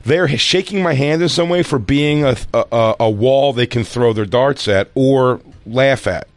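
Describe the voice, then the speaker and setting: A man with an ordinary mid-range voice talking loosely on a podcast. He circles his point, restarts sentences and trails off. He keeps his tone relaxed, with the odd swear. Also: moderate pace, no echo. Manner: rambling, self-interrupting, low-key. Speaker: podcast co-host. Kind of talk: casual chat.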